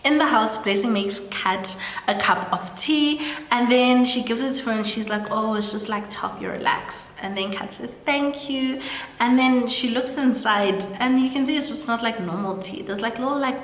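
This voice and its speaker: A woman's voice: a little high, moderate pace, fairly bright tone. Chatty South African woman in echoey room. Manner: chatty, says "like" often, acts out quoted lines. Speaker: storytelling host. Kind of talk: casual story recap. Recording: echoey room with long reverb.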